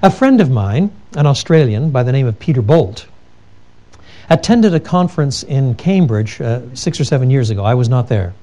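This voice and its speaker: A man's voice: medium pitch, very animated, moderate pace, mellow. A man giving an earnest theology lecture, telling stories with emphatic repetition and frequent restarts. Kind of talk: lecture with told anecdotes.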